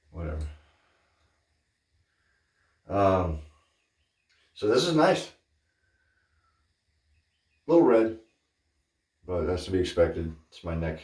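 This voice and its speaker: Deep-voiced man rambling, roomy off-mic sound. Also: distant mic. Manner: chatty, digressive, animated when telling stories. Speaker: wet shaving channel host. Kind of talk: casual rambling chat.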